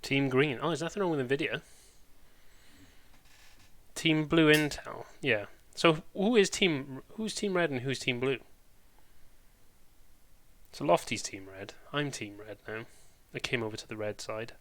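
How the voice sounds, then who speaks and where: A man's voice: mid-range voice, measured pace, long pauses, a bit bright. A man with a Welsh accent, chatting casually and rambling on a live stream, full of British slang.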